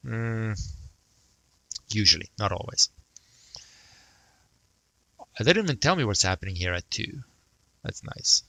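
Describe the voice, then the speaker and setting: A man's voice: on the low side, sing-song, a little slow, gravelly, long pauses, bright, forceful tone, dry recording, rough recording. A man teaching math, thinking aloud and muttering to himself as he sketches a graph. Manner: self-talk, mutters, jokes about praising himself.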